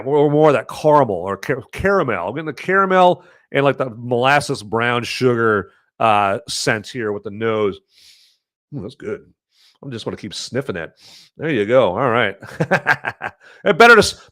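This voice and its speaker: Guy rambling on his podcast, bright punchy voice, dry close sound, lots of um and you know, loud bits then mumbles. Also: medium pitch, no echo. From American Midwest. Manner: rambling, self-correcting, chatty with lots of fillers; animated swings between loud emphasis and muttered asides. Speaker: podcast host reviewing movies and beer. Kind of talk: casual solo commentary.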